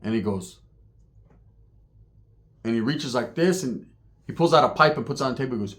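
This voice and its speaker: A man's voice: mid-range voice, expressive, fairly quick, pauses often, fairly bright tone. A man telling street stories in a casual, profane, slang-heavy way, acting out the voices of the people in them. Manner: acts out voices, laughs while telling. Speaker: storyteller on his own channel.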